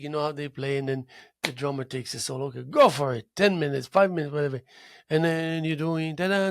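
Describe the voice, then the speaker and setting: A talk show host, a man with a gravelly, husky voice, tells a story in a casual monologue. His pitch swings up and down as he goes, and he mimics drum beats out loud. The sound is dry and close. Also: no echo.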